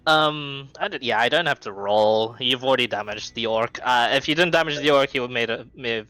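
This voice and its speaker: A man's voice: mid-range voice, a little fast, bright, forceful tone, no echo, low-quality recording. A man narrating as game master of a tabletop game, rambling with many ums and restarts.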